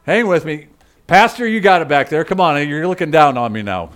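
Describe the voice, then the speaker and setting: A man preaching a sermon in a voice pitched slightly high. He hammers points home through repeated phrases, then drops into low muttered asides to his congregation. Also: animated, brisk. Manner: emphatic and repetitive, swinging between loud preaching and muttered asides. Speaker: pastor.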